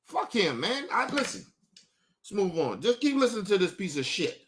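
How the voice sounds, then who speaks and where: A male show host giving a heated, profane commentary rant, swinging from low muttering to shouting. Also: very animated, normal speed, slight background noise.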